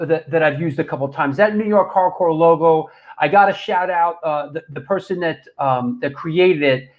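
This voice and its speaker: Laid-back man hosting over a video call. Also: fairly high pitch. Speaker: host. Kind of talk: casual livestream chat.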